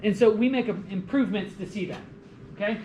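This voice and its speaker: A young man giving a lively college lecture, joking and asking the class questions. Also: sits high, brisk. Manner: animated, jokey, asks the class questions. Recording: echoey classroom with faint room noise.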